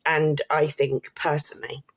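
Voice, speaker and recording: A woman's voice: low voice, flat delivery, unhurried, slightly rough. A British woman in her fifties, vlogging in a blunt, rambling, sweary way with frequent restarts. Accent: British English. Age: 50s. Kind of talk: casual monologue to camera.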